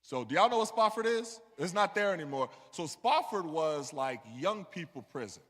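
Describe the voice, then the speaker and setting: A man's voice: on the high side, expressive, moderate pace, fairly bright tone. A man telling a personal story as a conversational sermon, often checking in with "you know what I mean.". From New York. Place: church sanctuary. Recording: long hall reverb.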